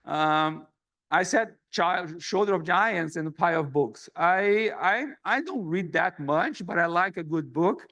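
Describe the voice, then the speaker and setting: The recording is lo-fi, capturing a middle-aged Brazilian man whose high-pitched voice is bright, forceful and animated yet unhurried. As society president, he gives an earnest, self-deprecating address in a conference hall, with a Brazilian Portuguese accent.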